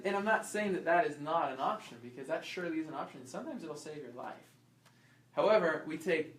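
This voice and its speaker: A chiropractor teaching an informal health class, quizzing the audience and acting out small scenes. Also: male voice, a little high, a little hiss or hum. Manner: lively, asks the audience questions and acts out little scenes. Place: class room. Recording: echoey room, voice from far off.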